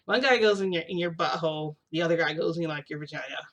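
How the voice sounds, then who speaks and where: A woman's voice: low-pitched, quick pace, lo-fi sound. A young woman vlogger telling a long personal story in a casual, rambling way, full of "like" and restarts. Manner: rambling, heavy use of "like", frequent restarts.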